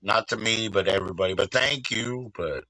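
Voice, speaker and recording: A man's voice: on the low side, moderate pace, pushed and bright, no room sound, rough recording. A man hosting a livestream, chatting casually with a guest in a rambling, profane way and laughing often. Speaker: livestream host.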